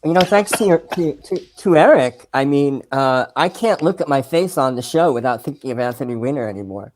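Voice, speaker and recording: A man's voice: mid-range voice, animated, a little fast, darkish tone. Dry self-mocking man, faint hiss. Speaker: show regular. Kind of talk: casual chat on a live show.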